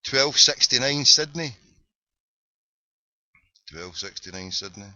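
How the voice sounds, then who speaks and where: Brief: Glasgow host, sharp bright tone, dull lo-fi webcast sound, joking and rambling. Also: male voice, mid-range voice, animated, takes it slowly, no echo. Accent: Glasgow Scottish. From Scotland. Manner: boisterous, rambling wisecracking patter. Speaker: host of an internet show. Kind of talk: jokey call-in banter. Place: parked car.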